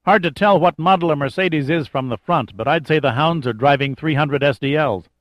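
A man's voice: a little high, a little fast, no echo, lightly acted. A man doing a sardonic, gloomy sidekick. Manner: dry, sardonic, mock-weary. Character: wisecracking, gloomy male sidekick. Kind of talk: audiobook character voice. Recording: dull lo-fi dry recording.

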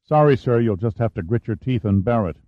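A man voicing a male naval chief petty officer who speaks briskly and matter-of-factly. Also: medium pitch, lively intonation, no echo, phone-quality sound, natural voice.

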